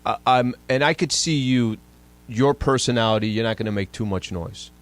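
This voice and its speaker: A man's voice: medium pitch, normal speed. A man co-hosting a sports talk radio show, reacting enthusiastically and chiming in with his own examples. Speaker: radio co-host.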